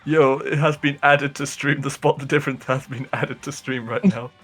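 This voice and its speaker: A man's voice: medium pitch, steady tone, normal speed, fairly bright tone, slightly rough, soft background music. A man casually commentating a live speedrun race, joking and chatty with frequent laughs.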